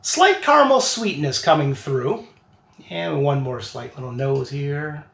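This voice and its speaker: A man hosting a casual beer tasting review, talking in a playful, drawn-out way as he sips and describes flavors. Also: a little high, animated, creaky, a bit bright, roomy sound.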